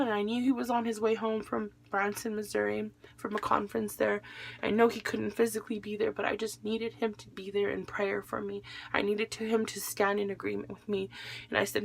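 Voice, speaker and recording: A woman's voice: mid-range voice, gravelly. A young adult woman recounting a painful day in a personal vlog, emotional as she relives events and quotes the people she spoke with. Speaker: widow telling her story.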